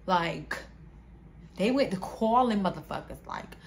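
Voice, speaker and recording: Animated young woman telling a story. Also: medium pitch, a little slow, gravelly, a little hiss or hum. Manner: animated slangy storytelling, addressing viewers as y'all. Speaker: vlogger. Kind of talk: casual storytime vlog.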